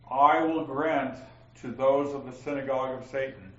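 A man's voice: mid-range voice, steady tone, normal speed, roomy sound, lo-fi sound. A man teaching a Bible class, explaining grammar step by step and reading passages aloud to students. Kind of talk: classroom lecture on scripture grammar.

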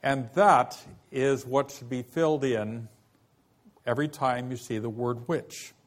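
A man teaching a Bible study lesson, explaining a passage slowly and asking rhetorical questions as he goes. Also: mid-range voice, fairly even intonation.

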